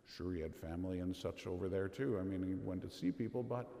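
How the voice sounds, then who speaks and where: A man giving an earnest, measured homily at Mass as a Catholic priest, asking rhetorical questions. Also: sits low, vocal fry, mellow. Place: church. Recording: echoey church with long reverb.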